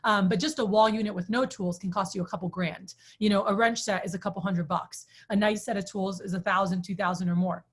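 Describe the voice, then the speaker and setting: A woman's voice: medium pitch, steady tone, a little fast, hardly any pauses, husky. A woman giving a casual sales training talk to a group, telling stories in a chatty way with many fillers and asking the group questions.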